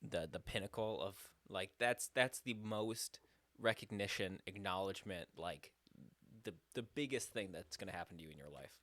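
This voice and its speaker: A man's voice: low voice, moderate pace, a bit bright, no echo. A man co-hosting a podcast who asks teasing, skeptical questions. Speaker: podcast co-host. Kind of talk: casual chat.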